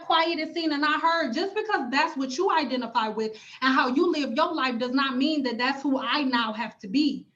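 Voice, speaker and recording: A hair care YouTuber and cosmetologist talks to her livestream audience in a high, slightly bright voice, though the audio is dull. She's blunt and emphatic, swearing and repeating phrases.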